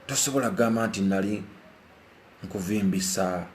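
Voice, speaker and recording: A man's voice: on the low side, moderate pace. Man, Ugandan accent, impassioned live commentary, repeats himself, roomy echo. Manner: impassioned, repeats phrases, mixes Luganda and English. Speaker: vlogger. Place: indoors while rain falls outside.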